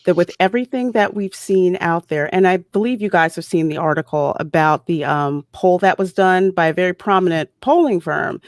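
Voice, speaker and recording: A woman's voice: on the low side, moderate pace, few pauses, no room sound, clean studio sound. A woman panelist giving emphatic, exasperated commentary in a casual online roundtable.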